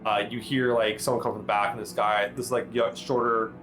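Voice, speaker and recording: A man's voice: lowish voice, little pitch movement, fairly quick, fairly bright tone, soft background music, low-quality recording. A man narrating a tabletop game as game master, rambling and restarting often. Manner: rambling, lots of fillers and restarts.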